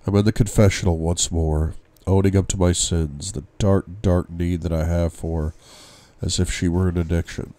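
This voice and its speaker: A man narrates a novel in the first person with a steady, even delivery. His voice is deep and mellow, recorded close and dry with no room sound. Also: normal speed, no room sound. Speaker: book reader.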